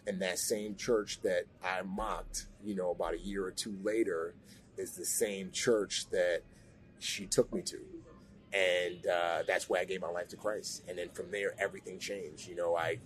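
Low-voiced man telling an earnest story. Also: a little hiss or hum. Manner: earnest storytelling, rises sharply when emotional. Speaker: guest. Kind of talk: personal testimony in a podcast interview.

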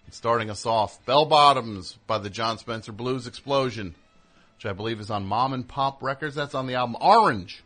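A man's voice: mid-range voice, moderate pace, fairly bright tone, faint music behind. A man hosting a radio show, rambling and joking, interrupting himself as he talks into a studio mic. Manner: rambling, jokey, self-interrupting. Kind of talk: casual radio monologue.

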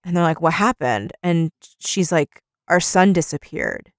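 A woman's voice: fairly low pitch, lively intonation, a little slow, no room sound, clean studio sound. A woman co-hosting a podcast, retelling a story in casual chat and acting out each character's lines. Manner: retells scenes by acting out quotes with "he's like". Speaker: podcast co-host.

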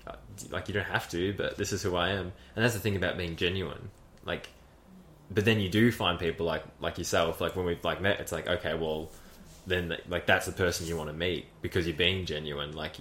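A man's voice: sits low, fairly bright tone, echoey room, slight background noise. A man hosting a podcast in casual chat, rambling with lots of "like" and frequent laughter. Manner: rambling, heavy use of "like", laughs often. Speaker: podcast host.

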